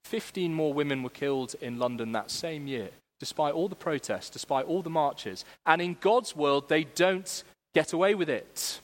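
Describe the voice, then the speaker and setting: Young male preacher, fairly high voice, earnest and lively, church echo. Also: normal speed. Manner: earnest and animated, shifting from self-mocking humor to hushed gravity. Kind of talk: sermon. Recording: long church reverb.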